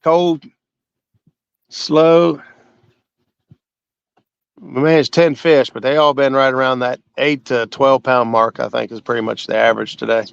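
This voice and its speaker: A man's voice: medium pitch, steady tone, a little slow, gravelly, pauses often, smooth, no echo, highs cut off. A man hosting a fishing channel, chatting in an easygoing, folksy and hospitable way. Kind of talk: casual chat on a fishing livestream.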